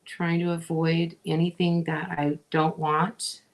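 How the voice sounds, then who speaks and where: A middle-aged woman hosting a crafting video, chatting casually with viewers as she works and often pausing with fillers. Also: sits low, level tone. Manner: chatty, talks to viewers while working, frequent fillers.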